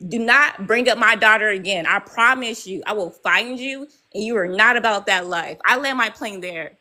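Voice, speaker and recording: A live debate participant, she argues furiously and profanely on stream, often adding "right?" after her points. Her medium-pitched voice has a sharp edge and a moderate pace, captured in a low-quality recording.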